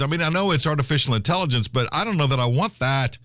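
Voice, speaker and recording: A man's voice: on the high side, expressive, fast talker, fairly bright tone, dry recording. A man hosting a casual radio talk show, reading the news aloud and rambling on with plenty of fillers, on a studio mic.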